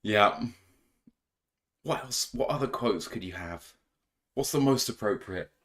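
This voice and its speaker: Young male podcast host, slightly low voice, self-deprecating, laughs a lot. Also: expressive, a little slow, a bit bright. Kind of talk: casual live podcast chat.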